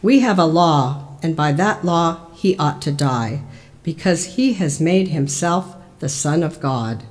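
A church lector reading the lines of an angry crowd of accusers, louder and more forceful than the narration. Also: mid-range voice, lively intonation, takes it slowly. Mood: insistent. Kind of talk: liturgical Scripture reading.

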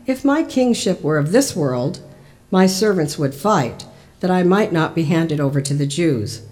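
A church lector reading the part of a calm prisoner on trial, measured and solemn. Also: medium pitch, lightly acted. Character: calm teacher on trial, steady and grave. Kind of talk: liturgical Scripture reading.

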